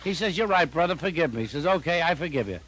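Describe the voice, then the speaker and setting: High-voiced man rattling off one-liners. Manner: rapid-fire deadpan joke telling. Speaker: comedian. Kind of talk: telephone joke line one-liners. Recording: noisy archival recording with clicks.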